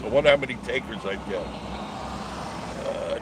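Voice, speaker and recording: A low-voiced man talks fairly quickly on a loose, rambling live stream, cracking jokes and reading out and answering viewer comments. He's in his car filming on a phone on a gimbal, with steady traffic noise clearly heard behind him.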